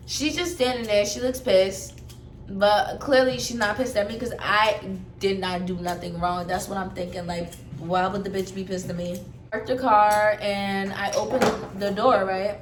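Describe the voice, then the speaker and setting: A young woman telling a story from her own life in a casual, chatty way, full of swearing and lively asides. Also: mid-range voice. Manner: profane, animated, chatty storytelling. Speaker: vlogger telling a personal story. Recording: echoey room with faint background noise.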